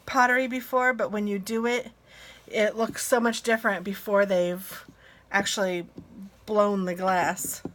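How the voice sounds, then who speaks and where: A middle-aged woman vlogging casually from her car as she drives, chatty, flustered and self-deprecating, talking into a phone on a gooseneck holder. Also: mid-range voice. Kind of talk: casual driving vlog. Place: inside a car while driving. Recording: car noise behind her.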